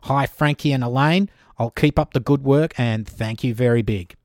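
A man hosting a podcast, chatting casually and rambling with dry, dark humor. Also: medium pitch, moderate pace, no room sound. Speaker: podcast host.

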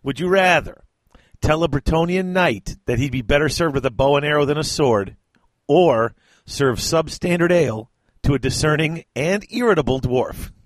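Relaxed man hosting a podcast. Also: a little high, moderate pace, no echo. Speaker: host. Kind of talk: casual podcast chat.

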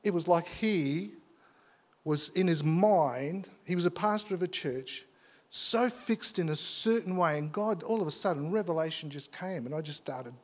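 A man's voice: a little high, normal speed. A man preaching in church as a pastor, telling a story with lots of stammers and restarts. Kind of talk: sermon.

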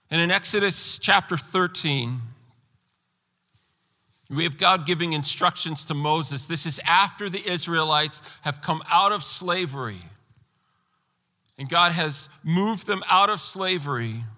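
A man preaching a sermon as pastor, emphatic, pressing hard on key words and rising to near-shouts. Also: on the high side, a little slow, long pauses, big-room sound.

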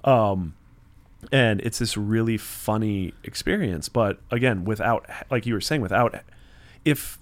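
A man's voice: on the low side, unhurried. A man co-hosting a podcast in casual conversation, rambling and acting out his own inner voice, with some swearing. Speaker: podcast co-host.

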